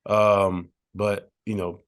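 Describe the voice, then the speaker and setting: A man co-hosting a music podcast, talking in a relaxed, rambling way with frequent restarts. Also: on the low side, slow pace. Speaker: podcast co-host. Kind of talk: casual chat.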